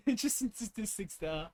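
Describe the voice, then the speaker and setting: A young American man chatting on a live stream, giggling often and rambling with plenty of fillers. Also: sits high. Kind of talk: casual live-stream reaction chat.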